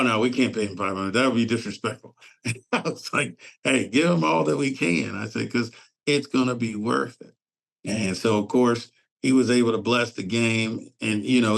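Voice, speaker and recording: A man's voice: medium pitch, gravelly. A man in casual conversation on a podcast, telling a story about organizing a fatherhood summit and acting out the people he quotes. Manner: animated, acts out quoted voices.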